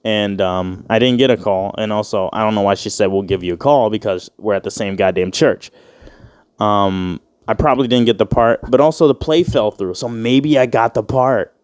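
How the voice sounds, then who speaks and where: Give me a man in his twenties riffing alone on a podcast, low-pitched and dry, loose and profane. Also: normal speed, clear, resonant tone, no room sound. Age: 20s. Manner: rambling, profane, joking, acts out quoted voices. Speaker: podcast host. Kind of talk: casual solo podcast rant.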